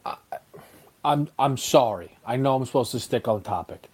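A man's voice: mid-range voice, animated, moderate pace, darkish tone, breathy edge. A man co-hosting a sports radio show, teasing his partner in joking banter. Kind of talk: casual sports chat.

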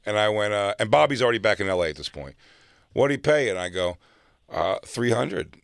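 A man from South Jersey telling a long, animated comedy anecdote and acting out other people's lines. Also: lowish voice, a little fast, vocal fry, clean tone, dry recording, studio quality. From South Jersey, near Philadelphia. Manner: animated anecdote teller, acts out quotes. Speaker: comedian guest. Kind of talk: casual storytelling chat.

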